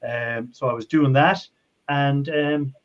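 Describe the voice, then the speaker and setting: A man's voice: mid-range voice, steady tone, slow pace. An Irish man hosting a casual live chat, rambling and friendly, laughing often. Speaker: livestream host. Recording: dull lo-fi stream audio.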